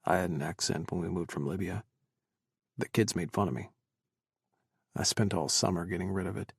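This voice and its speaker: A man voicing a gentle, soft-spoken young soldier in an audiobook, talking low and quietly. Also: moderate pace, vocal fry, husky, no room sound, studio quality, full character voice. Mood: tender. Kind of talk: audiobook character voice.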